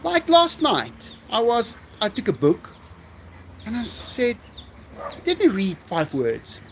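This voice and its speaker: Slow, chatty man. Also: high voice, huge pitch swings, slight background noise. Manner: chatty, laughs often, answers viewer comments. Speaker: live-stream host. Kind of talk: casual live-stream chat.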